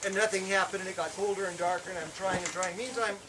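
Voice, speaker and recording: A man tells a personal story at a camp worship service, his voice sitting high and lively. He acts out the shouted lines of the story with energy. The recording carries clear background noise. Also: fast talker. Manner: animated, acts out shouted quotes.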